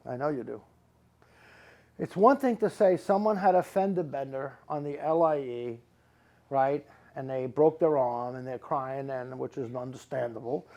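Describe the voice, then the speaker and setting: A man's voice: mid-range voice, darkish tone. A middle-aged man, a psychic medium giving readings to a live audience, who rambles and repeats words for emphasis.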